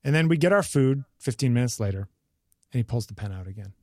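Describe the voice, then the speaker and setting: A man's voice: mid-range voice, fast talker, no echo, clean studio sound. A married man co-hosting a podcast, chatting casually and acting out the people in his story. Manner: animated storytelling, acts out quotes. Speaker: podcast co-host. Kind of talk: casual conversation.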